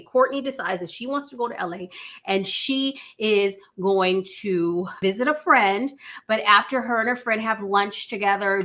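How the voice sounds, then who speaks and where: A woman casually recapping a TV series at home, chatty and animated, tossing in filler asides as she retells the story. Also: medium pitch. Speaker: show recap reviewer. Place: home room by a glass sliding door.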